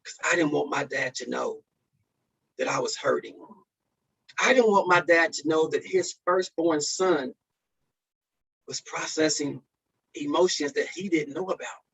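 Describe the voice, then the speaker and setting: A man sharing a personal testimony as a speaker at a men's conference, swinging from loud peaks to hushed lows. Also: unhurried, creaky, long pauses, slightly rough. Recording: dull lo-fi recording.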